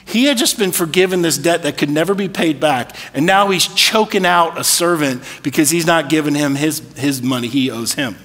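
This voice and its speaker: Bright high-voiced male preacher. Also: normal speed, few pauses, in a large hall. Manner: conversational preaching with rhetorical questions. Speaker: pastor. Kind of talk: sermon. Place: church sanctuary.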